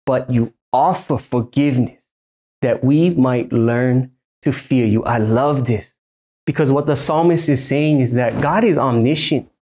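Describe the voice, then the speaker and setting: A man from Hawaii in his thirties delivers a sermon from a church stage. He is emphatic and repeats his main points so they land. His pitch sits in the middle for a man. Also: measured pace, darkish tone. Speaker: pastor.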